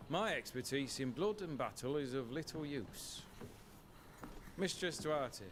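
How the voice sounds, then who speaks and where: A grim colonial soldier in a story game, speaking very slowly in a grave, measured way at a slightly raised pitch. Ambient noise sits under the game audio. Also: male voice. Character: grim, battle-hardened colonial soldier man.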